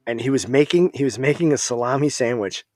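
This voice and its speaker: Veteran dude from minnesota telling war stories, swears a lot, dry close mic. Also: male voice, medium pitch, fast talker, dry recording. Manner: profane, animated storyteller. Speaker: podcast guest, Army veteran. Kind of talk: casual podcast storytelling.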